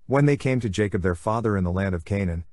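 Male host for a Bible reading, low and measured, close and dry. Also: no room sound. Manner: measured, steady scripture reading. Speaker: Catholic podcast host reading scripture.

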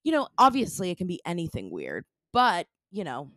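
A woman's voice: lowish voice, wildly swooping pitch, a little fast, fairly bright tone, dry recording, studio quality. A woman co-hosting a podcast, chatting casually and playfully, with lots of fillers. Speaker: podcast co-host. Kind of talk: casual chat.

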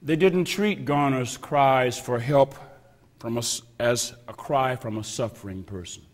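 In a church sanctuary, a man with a mid-range voice preaches a sermon as pastor. He speaks slowly and emphatically, repeating phrases with heavy pauses and sometimes dropping to a whisper. The long reverb of the church hall carries through the recording.

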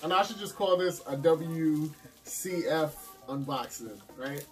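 A man in a casual, slangy unboxing chat, addressing his viewers as a crowd of friends. His voice sits somewhat high for a man and sounds set back from the microphone. Music plays clearly underneath. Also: measured pace. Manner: slangy, chatty, talks to viewers as "y'all". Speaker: vlogger unboxing anime figures. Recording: distant mic with music behind.

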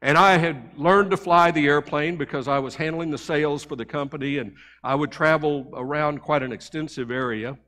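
A man's voice: on the high side, normal speed, few pauses, long reverb tail. A male pastor delivering a sermon through conversational personal stories. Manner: conversational, animated anecdotes. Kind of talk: sermon storytelling. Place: church sanctuary.

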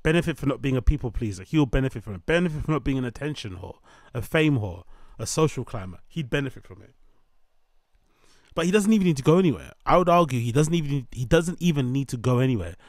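A man's voice: mid-range voice, expressive, quick pace, a little mellow, dry recording, studio quality. A man giving opinionated commentary, ranting and mocking in long repetitive lists.

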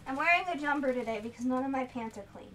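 A woman's voice: high-pitched, fast, far from the mic, a little hiss or hum, poor audio. A young woman chatting casually on a home livestream, sleep deprived, rambling and giggly as she tells stories. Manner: rambling, giggly, animated storytelling. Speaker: streamer. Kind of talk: casual chat. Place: indoors on a couch at home.

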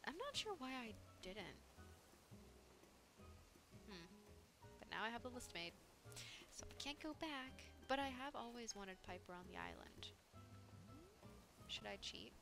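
Young woman game streamer, unhurried giggly chat, game music playing underneath. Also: fairly high pitch, sing-song. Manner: chatty, giggly, talks to viewers. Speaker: gaming channel host. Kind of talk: casual gameplay commentary. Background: background game music.

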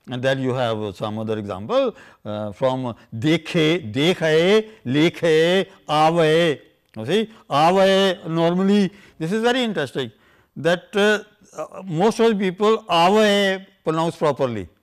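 An older man gives an academic lecture in a slightly high voice. He talks haltingly, restarting phrases and leaning on "you see" as he explains vowel patterns. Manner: halting, many fillers, keeps saying "you see". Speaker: lecturer on scripture language.

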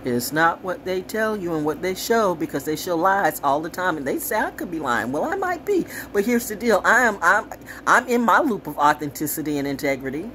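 A woman riffing to camera with a low-set voice that swings widely in pitch. She talks in an animated, rambling, sassy way, full of profanity and sharp asides, with faint room ambience behind her. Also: fairly quick, a little hiss or hum. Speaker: commentator. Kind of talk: casual monologue to camera.

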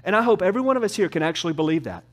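A man preaching a sermon as pastor, with emphatic rises and soft, slow, drawn-out drops. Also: high voice, sing-song. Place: church.

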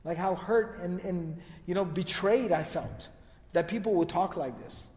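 High-voiced man lecturing in a reverberant hall. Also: a little slow. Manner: animated retelling, quoting Arabic text and translating. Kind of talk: storytelling lecture.

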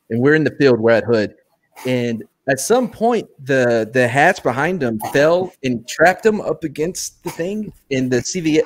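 A man and former soldier telling a story in casual live-show chat, animated and laughing often. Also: medium pitch.

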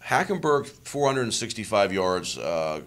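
Lower-voiced man hosting a sports chat. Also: big pitch swings, measured pace, a bit bright. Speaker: sportswriter host.

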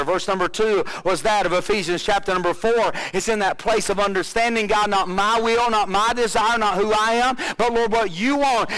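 A man preaching a sermon as pastor, full of rhetorical questions and swings between rising fervor and quiet low passages. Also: low-quality recording.

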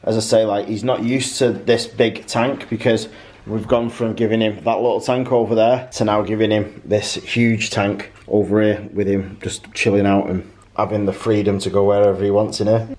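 Low-pitched, easygoing man; casual home vlog, indoors. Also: moderate pace, rough recording. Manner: relaxed and easygoing, showing things around.

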